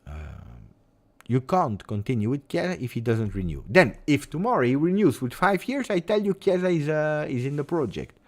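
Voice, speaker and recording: A man's voice: fairly high pitch, very animated, normal speed. A man with an Italian accent who hosts a football channel, chatting casually and rambling expressively on a live stream with lots of fillers.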